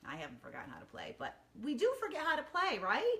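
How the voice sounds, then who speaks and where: Upbeat lady rambling over morning coffee, lots of ums, kinda high bright voice. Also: big pitch swings, fairly quick, hardly any pauses. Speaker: wellness vlogger. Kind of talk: casual morning chat to camera. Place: quiet home kitchen.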